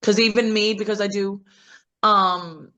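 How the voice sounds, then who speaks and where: On a rough recording, a woman being interviewed, an adult film actress, talks in a candid, casual way. She's blunt and frank, laughs often, and mimics voices mockingly with wide leaps in pitch, while her own voice stays steady in tone, a little slow, pushed, and bright.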